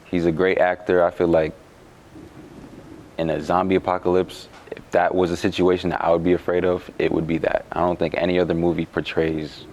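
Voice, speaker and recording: A young man, a college basketball player, answering interview questions in a relaxed, halting way with many fillers. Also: low voice, slight background noise. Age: young adult.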